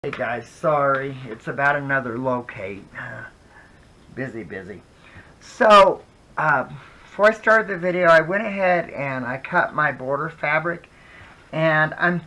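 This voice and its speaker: A man from Colorado talks through a casual crafting tutorial at home. His voice sits in a middling pitch, and he chats in loose, rambling asides as he works, with a faint noise behind him. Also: sharp tone, poor audio. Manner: chatty, rambling asides while working. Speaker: craft channel host.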